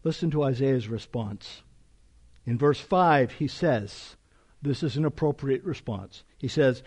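Guy preaching a sermon, slow and mellow, leans hard on the scripture he reads. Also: medium pitch, lively intonation, breathy edge. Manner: expository preaching, reading scripture aloud with emphasis. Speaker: pastor.

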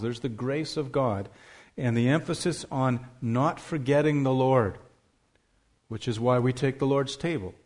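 A male pastor preaching a sermon in a steady, plain voice, explaining a passage and his plans for the congregation. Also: medium pitch. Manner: reads scripture in a raised, emphatic voice, prays softly. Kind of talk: sermon with scripture reading and prayer.

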